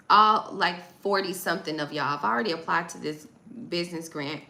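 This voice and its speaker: Chatty woman with gravelly voice. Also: on the low side, bright, forceful tone, echoey room, low-quality recording. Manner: chatty, talks to chat, reads text aloud. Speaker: livestream host. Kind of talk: casual livestream chat.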